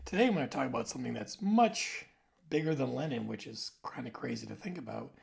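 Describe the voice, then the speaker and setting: A man in his forties hosts a casual, rambling monologue. His voice is heavily gravelly, with a mid-range pitch. He now and then drops into soft asides. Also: expressive, fast. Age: 40s. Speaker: video host.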